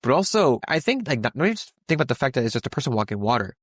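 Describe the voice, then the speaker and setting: A man's voice: medium pitch, very animated, rapid-fire, breathy edge, dry recording, studio quality. A young man co-hosting a podcast, talking through a Bible passage in a casual, rambling way with many restarts and fillers. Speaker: podcast co-host.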